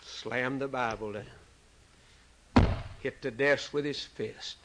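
Middle-aged preacher guy, slow delivery, big loud swells then near whispers. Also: medium pitch, noisy background. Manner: slow, dramatic preaching with sudden loud rises and hushed drops. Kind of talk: sermon.

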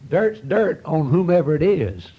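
Husky folksy preacher man. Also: on the high side, very animated, a little slow, highs cut off. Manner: folksy, earnest, storytelling preaching with rising outbursts. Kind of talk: sermon.

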